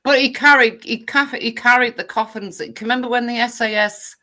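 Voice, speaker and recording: A woman's voice: a little high, a little fast, a loud crowd. A woman on a live stream panel, challenging another guest with probing questions.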